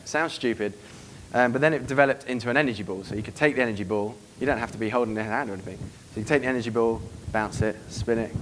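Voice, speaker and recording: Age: adult. Sex: man. Pace: fast. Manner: brisk, swearing. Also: lowish voice, slight background noise. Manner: brisk, swearing, acts out club scenes. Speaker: dating coach giving a seminar. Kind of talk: live seminar talk to an audience. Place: room with a live audience.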